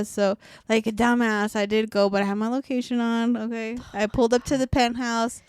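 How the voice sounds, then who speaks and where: A woman's voice: on the high side, fairly quick, hardly any pauses, clean tone, dry recording, studio quality. A young woman, co-hosting a podcast and telling a story in a casual, profane way with frequent laughs. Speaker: podcast co-host. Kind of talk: casual chat.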